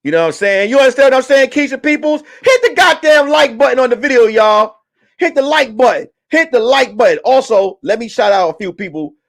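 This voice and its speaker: A man hosting a comedy talk stream, ranting loudly and profanely about the news. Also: extremely high pitch, brisk, vocal fry. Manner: loud, animated, profane ranting. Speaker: comedian host. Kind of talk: comedic commentary.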